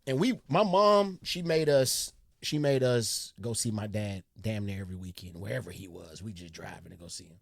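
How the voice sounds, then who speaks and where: A man hosting a reaction video, chatting casually in a relaxed, slang-heavy way about his father. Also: lowish voice, normal speed, vocal fry, hardly any pauses, dry recording, clean studio sound. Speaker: reaction channel host.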